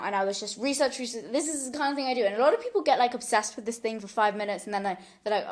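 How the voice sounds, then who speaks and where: Woman host, a touch high, giggly rambling chat into a close mic on the couch. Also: animated, very fast, hardly any pauses. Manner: rambling, chatty, often laughing. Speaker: podcast host. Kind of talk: solo casual podcast chat. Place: couch at home, indoors. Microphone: large studio mic pulled up close.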